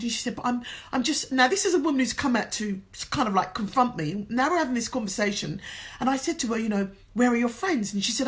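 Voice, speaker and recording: A woman's voice: on the high side, expressive, fast talker. Earnest, emotional woman life coach. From England. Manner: emotional, earnest, tells a story with quoted dialogue. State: tearful. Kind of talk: motivational storytelling.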